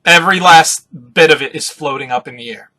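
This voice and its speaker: Excitable man reacting live, bright voice. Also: on the high side, brisk. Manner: excitable, swears freely, summarizes aloud. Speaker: vlogger reacting to a comic.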